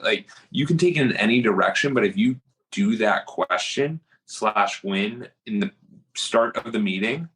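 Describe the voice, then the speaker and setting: A man's voice: fairly low pitch, animated, normal speed, fairly bright tone, rough recording. A man hosting a podcast interview, affirming and building on his guest's points in casual conversation. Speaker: podcast host.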